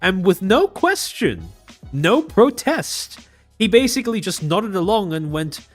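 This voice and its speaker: An Australian man streams and comments in a dry, mocking way, his pitch bouncing all over as he rambles on. Soft music plays faintly behind him. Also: huge pitch swings, unhurried, no room sound. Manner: sardonic, rambling. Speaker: streamer host. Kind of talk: casual live-stream commentary.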